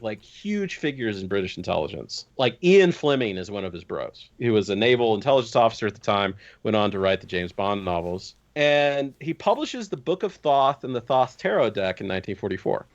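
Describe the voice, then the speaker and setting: Animated man telling wild stories. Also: mid-range voice, muffled recording. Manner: animated, incredulous, swears casually. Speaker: podcast guest discussing tabletop game lore. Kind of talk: casual storytelling chat.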